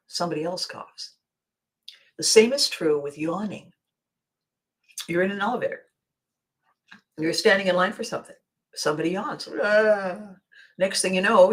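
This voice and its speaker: A woman's voice: on the low side, darkish tone, rough recording. A middle-aged woman hosting a casual livestream chat, talky and laughing often, restarting her sentences. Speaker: host.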